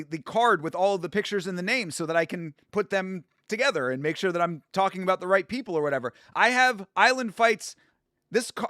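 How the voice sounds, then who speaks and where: A man streaming from home hosts a watch-along, talking in a loose, rambling way and laughing at his own jokes. His voice sits fairly high, and he breaks into loud, excited bursts now and then. The sound is dry and close, with almost no room echo. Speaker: YouTube host doing a watch-along. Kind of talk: casual live commentary.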